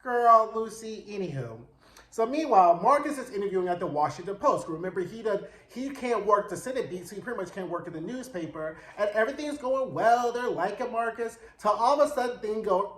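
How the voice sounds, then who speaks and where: A man with a high voice runs through a TV episode in a loose, sassy way, full of slang and swearing. He keeps slipping into the characters' lines as he tells it. The sound carries a noticeable room echo. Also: expressive, fairly quick. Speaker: TV recap reviewer. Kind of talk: casual show recap.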